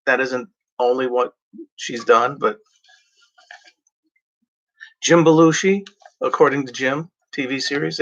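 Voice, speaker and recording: Slow, halting man in casual chat. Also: mid-range voice, a bit bright, muffled recording. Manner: halting, many fillers and restarts.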